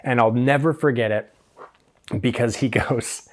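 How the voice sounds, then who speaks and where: A man's voice: mid-range voice, a little slow. Chatty man telling a salon story. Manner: chatty, self-deprecating, acts out quoted voices. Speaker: hairstylist podcast host. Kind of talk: casual anecdote storytelling.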